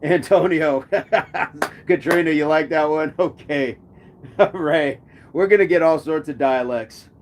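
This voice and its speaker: A man's voice: fairly high pitch, measured pace. A man hosting a casual live chat, reading viewers' comments aloud and joking about them. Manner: jokey, reads comments aloud and riffs on them.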